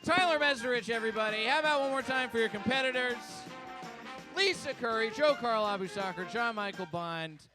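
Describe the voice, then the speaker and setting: A man's voice: very high voice, lively intonation, a little fast, over music. A man hosting a live comedy game show on a theater stage, announcing contestants with upbeat hype. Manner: upbeat announcing, hyping names to a crowd.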